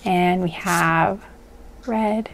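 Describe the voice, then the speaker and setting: A woman's voice: lowish voice, fairly even intonation, very slow, gravelly, a little hiss or hum. A woman giving a casual pick-a-card tarot reading, rambling and hesitant, with many fillers and frequent laughs. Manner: rambling and hesitant, full of likes and ums, laughs often.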